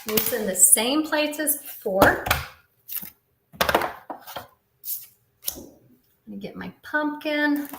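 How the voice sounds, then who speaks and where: A woman's voice: high voice, expressive, very slow, vocal fry, long pauses, roomy sound, loud music behind the voice. A woman in her fifties casually demonstrating a papercraft project, explaining each step as she works. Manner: chatty, explains step by step while working. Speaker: papercraft instructor.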